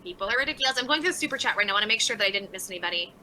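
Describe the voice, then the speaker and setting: A woman's voice: medium pitch, expressive, racing, pushed and bright, slight background noise, poor audio. A woman hosting a casual livestream, reading out viewer chats and answering them by name in a sarcastic, laughing way. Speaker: livestream host.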